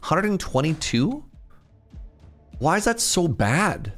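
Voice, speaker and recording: A man in his thirties giving casual, animated live-stream commentary as he plays, laughing often and chatting with his viewers. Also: a little high, takes it slowly, soft background music. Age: 30s. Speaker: game streamer.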